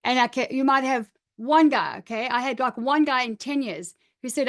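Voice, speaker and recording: A woman's voice: sits high, normal speed. A middle-aged woman coaching a live online workshop, upbeat and emphatic, encouraging participants as she reads out their comments. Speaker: image coach.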